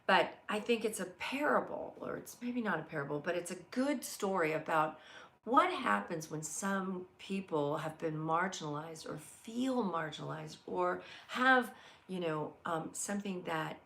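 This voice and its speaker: An earnest middle-aged woman hosts a live motivational talk, her low voice carrying a gravelly edge. She tells stories and answers viewer comments in a heartfelt, searching way. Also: animated, measured pace, a bit bright. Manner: earnest, storytelling, reads viewer comments aloud. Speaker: host of a live inspirational show.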